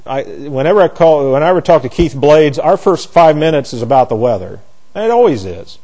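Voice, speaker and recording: A man's voice: a little high, expressive, a little fast, mellow, poor audio. A man teaching a conversational Bible study class, asking rhetorical questions, restarting phrases and slipping into folksy asides.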